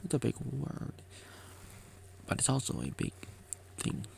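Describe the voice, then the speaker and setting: A man with a deep, heavily gravelly voice muses slowly in a motivational vlog. He rambles, circles back and repeats phrases, and breaks off to joke with himself. His pitch swings widely from line to line. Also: sing-song, darkish tone, a little hiss or hum. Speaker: vlogger.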